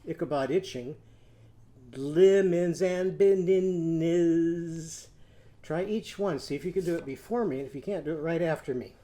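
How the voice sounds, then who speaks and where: A man's voice: fairly high pitch, fast talker, hardly any pauses, darkish tone. A middle-aged man teaching a children's phonics lesson, coaxing young learners and stretching out vowel sounds in drills. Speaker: literacy teacher.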